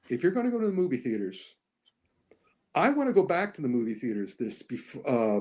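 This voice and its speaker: A man talking casually as a podcast guest about films, animated, often acting out lines he quotes. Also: medium pitch. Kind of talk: casual podcast movie discussion.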